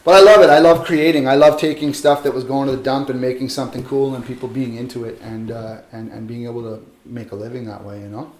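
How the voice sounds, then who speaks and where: Male sculptor, middle pitch, easygoing and self-deprecating, echoey workshop. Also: fast talker, hardly any pauses. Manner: relaxed, rambling, self-deprecating. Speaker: metal sculptor. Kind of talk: casual interview. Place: metal workshop. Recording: roomy echo.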